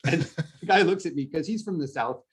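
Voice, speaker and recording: A man's voice: on the high side, moderate pace. Rambling, laughing middle-aged man. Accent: Canadian-sounding upstate New York. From upstate New York, USA. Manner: rambling, self-deprecating, many restarts and laughs. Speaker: author guest. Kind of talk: casual interview conversation.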